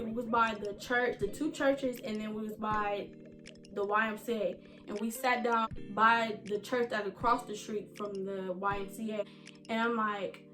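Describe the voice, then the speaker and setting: Young woman chatting storytime style, kinda high voice, faint music behind. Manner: chatty, addresses viewers as y'all and you guys. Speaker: vlogger. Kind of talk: casual storytime.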